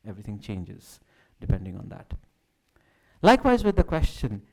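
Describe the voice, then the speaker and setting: Man, academic lecture, declamatory, lively intonation, mellow warm tone. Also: fairly low pitch, vocal fry, low-quality recording. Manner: measured, declamatory delivery with shifting emphasis. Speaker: academic speaker. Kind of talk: reading a prepared talk. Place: symposium hall.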